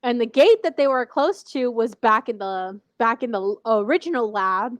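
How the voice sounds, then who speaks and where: Chatty animated woman recapping a show. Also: fairly high pitch, moderate pace, dry recording. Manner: rambling and animated, heavy use of "like", laughs often. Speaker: podcast co-host. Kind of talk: casual TV recap chat.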